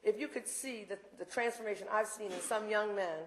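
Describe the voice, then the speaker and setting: A woman's voice: mid-range voice, brisk, fairly bright tone, a little hiss or hum. Woman in her sixties, speaker at a campus talk, blunt and fired up, rambles with asides, roomy hall sound. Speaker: invited speaker. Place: university lecture room.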